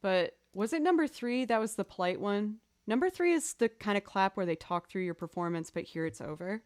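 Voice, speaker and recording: A woman streamer chatting casually and telling a story in an animated, playful way. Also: mid-range voice, brisk. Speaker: musician streamer. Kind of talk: casual chat.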